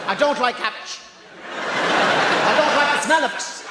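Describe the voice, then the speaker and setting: An Irish comedian delivers a deadpan stand-up rant in a strikingly high voice. His words stretch out for emphasis, and a long reverb and clear background noise from the venue trail behind him. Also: measured pace, long pauses. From Ireland. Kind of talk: stand-up routine.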